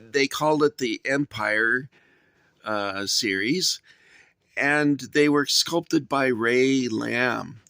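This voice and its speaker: A man's voice: medium pitch, sharp tone, no room sound, clean studio sound. A middle-aged man hosting a casual vlog, rambling and self-deprecating as he shows off his toy soldier collection. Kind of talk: casual show-and-tell vlog.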